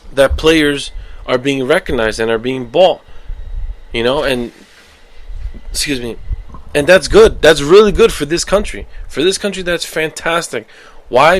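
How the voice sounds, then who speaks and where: A man hosting a casual solo soccer podcast, rambling and animated, flaring into heated outbursts. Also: a little high. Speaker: podcast host.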